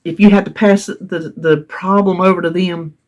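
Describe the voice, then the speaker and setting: A woman's voice: fairly low pitch, fairly even intonation, normal speed. A middle-aged woman, telling a story to her vlog audience in a chatty way and laughing often. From North Carolina, US. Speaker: vlogger. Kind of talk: casual storytelling.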